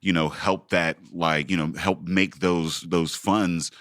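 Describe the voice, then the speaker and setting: Male podcast co-host, very low and bright, rambly and loose, dry mic. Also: steady tone, takes it slowly, dry recording. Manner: rambling, lots of fillers, crude jokes. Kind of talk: casual chat.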